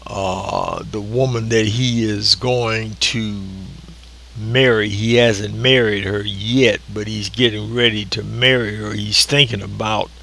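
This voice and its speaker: Male preacher, recorded sermon; unhurried, deliberate delivery, pressing on words; bright tone. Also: fairly low pitch, steady tone, gravelly, a little hiss or hum. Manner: slow and deliberate, drawn-out emphasis.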